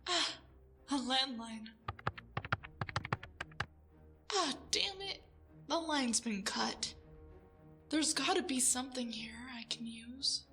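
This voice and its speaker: Captive girl, voiced by a woman, audio drama; high bright voice, slow delivery, stammers. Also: music in the background. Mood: tense, frightened. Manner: whispery, breathless and stammering. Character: frightened young woman held captive. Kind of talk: audio drama role-play.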